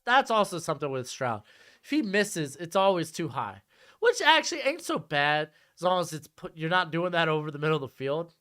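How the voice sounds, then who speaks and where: A man's voice: a little high, pushed and bright. A man live-streaming a football watch-along, chatting casually and jumping between calls on the plays and replies to his chat.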